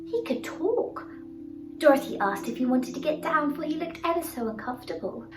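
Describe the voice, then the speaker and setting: A woman telling a children's storybook tale in an expressive, exclaiming, sing-song manner. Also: high voice, moderate pace, far from the mic. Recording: roomy sound from off-mic, faint music.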